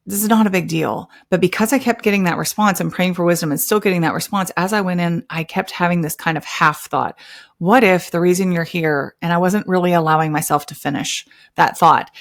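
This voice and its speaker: A woman in her thirties hosts her own podcast and tells a personal story. Her voice sits a little low, and she acts out the other people's lines as she goes. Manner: animated, acts out quoted dialogue. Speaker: podcast host.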